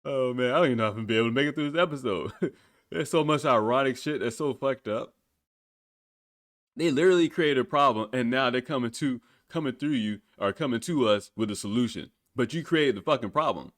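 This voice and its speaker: A man's voice: mid-range voice, brisk, fairly bright tone, no echo, clean studio sound. A young man hosting a solo political podcast, sarcastic and profane, often breaking into laughter. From United States. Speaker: podcast host.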